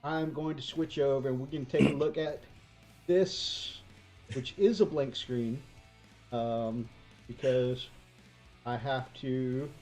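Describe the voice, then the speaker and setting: A man hosting a casual livestream, relaxed, with lots of fillers, reading out chat comments. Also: mid-range voice, takes it slowly, long pauses, faint music behind. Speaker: host.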